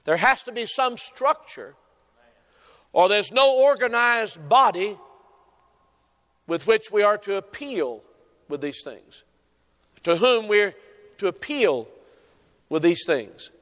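A male pastor preaching a sermon in a deliberate cadence, quoting scripture. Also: sits high, expressive, fairly bright tone, in a large hall.

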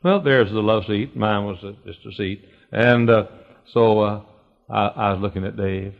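A preacher with a gravelly, creaky voice delivers a folksy storytelling sermon that swells into loud, soaring exclamations. The recording is muffled and lo-fi, with a long reverb from a church sanctuary. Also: male voice, steady tone. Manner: folksy anecdotes that build to loud, high, drawn-out exclamations.

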